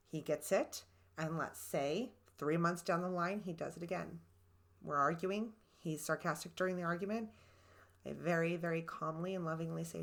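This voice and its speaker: This is a woman in her thirties with a somewhat low-pitched voice, co-hosting a marriage podcast. She explains things earnestly and patiently, and she walks through step-by-step examples of setting boundaries. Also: moderate pace. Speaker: podcast co-host. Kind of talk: relationship advice talk.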